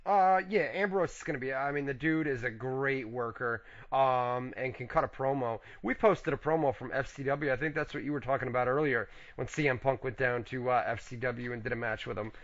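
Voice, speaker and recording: A man hosting a casual talk radio show, loose and excitable and swearing freely. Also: medium pitch, brisk, few pauses. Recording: lo-fi radio recording.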